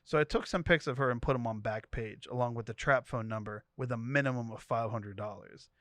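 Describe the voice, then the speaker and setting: A man co-hosting a podcast, retelling a wild story in an animated, comedic way. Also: medium pitch, a little fast, no echo, clean studio sound. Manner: animated storytelling, voicing each character. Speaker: podcast co-host. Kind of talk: comedic dramatic reading of a story.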